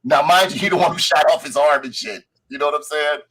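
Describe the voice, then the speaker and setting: Reviewing a show in relaxed conversation, this podcast co-host walks through it scene by scene, voicing the characters and cursing liberally. He talks fast in a high-leaning, fairly bright voice with a breathy edge, over poor audio.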